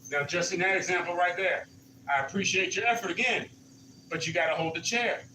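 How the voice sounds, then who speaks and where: A man's voice: high voice, a little fast, sharp tone, roomy sound, recorded from a distance, a little hiss or hum, poor audio. A man leading a senior exercise class, counting reps and coaching encouragingly. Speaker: senior fitness instructor. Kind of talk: live exercise class instruction. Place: community center exercise room.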